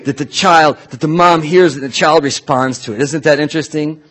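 A man preaching a sermon in a casual, animated way, often restarting his sentences. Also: a little high, a little fast. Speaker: pastor.

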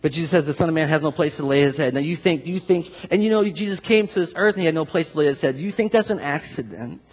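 A male pastor delivers a conversational sermon, swinging between loud, animated bursts and quieter reflective stretches. His voice sits a little high and carries a husky edge. The sound rings with the long reverb of a large hall. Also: quick pace.

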